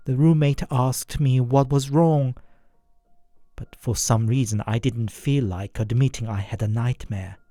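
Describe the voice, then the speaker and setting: A narrator telling a first-person horror story in a scripted, expressive way. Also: medium pitch, dry recording, clean studio sound.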